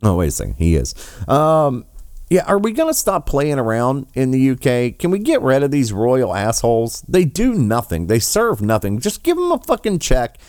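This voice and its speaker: A man delivers mocking political commentary, sarcastic and quick to swear. His voice rises and falls with lively animation, and it comes across smooth and resonant. The sound is close and dry. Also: mid-range voice, dry recording. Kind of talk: ranting commentary.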